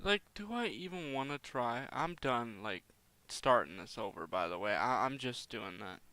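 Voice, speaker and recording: A young man with a bright, crisp voice chats through a gaming session. He rambles, breaks into exasperated asides, and keeps the commentary loose and casual. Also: mid-range voice, expressive, moderate pace. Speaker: gaming YouTuber.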